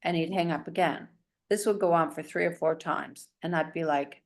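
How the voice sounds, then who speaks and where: Chatty woman with a lowish voice. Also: brisk, vocal fry. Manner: chatty and animated, a self-described talker. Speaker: guest. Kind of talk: casual storytelling in an interview.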